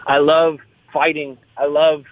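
Taking his time, a young West Coast fighter chats in a casual interview with a slightly high, level-toned voice, rambling, repeating words, and swearing liberally. The line sounds tinny and phone-like, with no echo.

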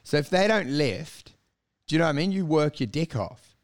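An animated man in casual comedy banter, pitched a touch high. He swears freely and keeps slipping into mocking put-on voices. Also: normal speed. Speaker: comedian, podcast co-host.

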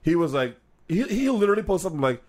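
Animated man co-hosting a podcast. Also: sits high, fast. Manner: animated, laughing, acts out quotes in voices. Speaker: podcast co-host. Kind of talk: casual podcast chat.

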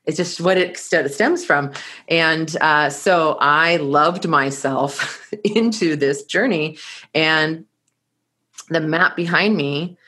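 A woman telling a personal story to an audience in an animated way, laughing now and then and often restarting her sentences. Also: low voice, takes it slowly. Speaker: course teacher.

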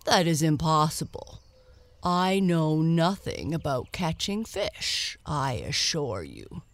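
A woman's voice: sits low, big pitch swings, slow pace, dry recording, heavily acted. A woman voicing a polite, simple-minded male bear in a storybook tale, earnest and courteous.

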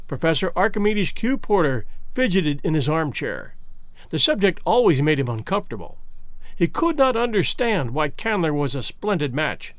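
A man narrating a classic novel as an audiobook in a measured, expressive way. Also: a little high, dry recording.

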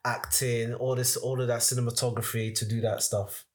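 A young man in casual podcast chat, rambling through points with frequent restarts and getting animated when he is worked up. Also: medium pitch, normal speed, a little hiss or hum.

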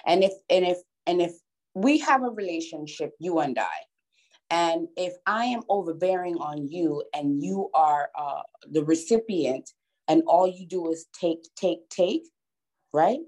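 Woman, lowish voice, casual chat, emphatic, repeats words for stress. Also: lively intonation, measured pace, a little mellow, low-quality recording.

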